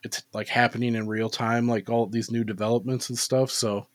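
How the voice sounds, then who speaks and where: A man's voice: medium pitch, level tone, normal speed, no room sound. A man co-hosting a podcast in casual chat, laid-back, swearing freely and full of "like" fillers. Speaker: podcast co-host.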